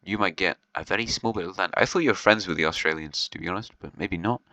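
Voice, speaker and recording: Low-voiced and quick, a man chats his way through commentary on a video series, his delivery pushed and bright. Half-joking with short laughs, he keeps saying um and restarting; the poor recording has no room sound.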